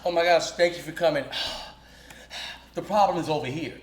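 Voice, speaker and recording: A man voicing a flustered young actress in a raised, fast, rattled voice while telling a story. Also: fairly high pitch, roomy sound, lightly acted.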